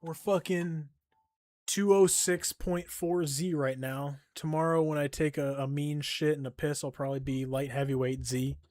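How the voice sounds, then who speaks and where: A man's voice: fairly high pitch, steady tone, moderate pace, darkish tone, no room sound, clean studio sound. A young man live-streaming a game and chatting casually, swearing constantly, joking and laughing often, and sounding tired. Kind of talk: casual stream chat while gaming.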